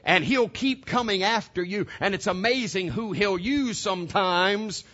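Guy preaching a sermon, pretty high bright voice, punchy and emphatic, kinda dull lo-fi recording. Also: unhurried. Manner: emphatic, addresses congregation directly with rhetorical questions. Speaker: pastor.

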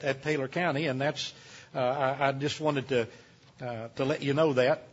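A man's voice: fairly high pitch, a bit bright, husky, highs cut off. An older man, speaking as a guest preacher at a camp meeting in a homespun, rambling way with many restarts. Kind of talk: folksy sermon talk.

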